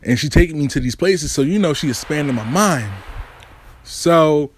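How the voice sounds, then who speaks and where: A man telling a story in casual storytime style, profane and animated with street slang. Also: a little high, normal speed, a little hiss or hum.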